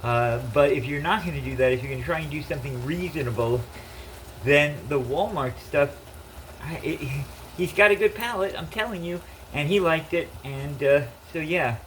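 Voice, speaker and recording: A man's voice: a little high, normal speed, a bit bright, a little hiss or hum, poor audio. A man casually chatting in his home kitchen while cooking, rambling with lots of fillers. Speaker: home cook vlogger.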